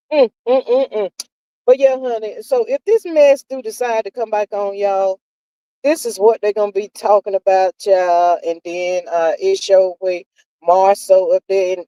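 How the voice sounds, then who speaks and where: A woman hosts a live stream, casually gossiping with viewers and reading their comments. She is sassy and drawling, calling everyone child and honey, and her mid-range voice sounds warm, with no echo but poor audio.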